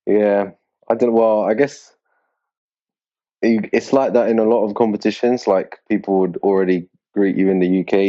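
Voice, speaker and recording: A man being interviewed as a grappling competitor, talking in a relaxed, rambling way with lots of fillers. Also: sits low. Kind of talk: casual interview chat. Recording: dull lo-fi sound.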